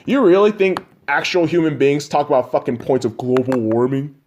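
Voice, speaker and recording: A man hosting a podcast, ranting angrily and profanely, mocking imagined listeners and swinging from loud outbursts to low mutters. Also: normal speed, muffled recording, slight background noise. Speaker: podcast host.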